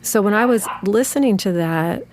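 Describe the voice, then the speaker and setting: A woman's voice: mid-range voice, animated, normal speed, noisy background. A woman telling a personal story in a reflective, conversational way. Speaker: narrator. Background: music.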